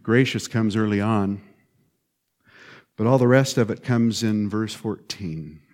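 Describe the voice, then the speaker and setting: A male pastor preaches a sermon with animated emphasis, swinging between loud stresses and hushed lines and repeating short phrases. His voice is lowish and his pace unhurried.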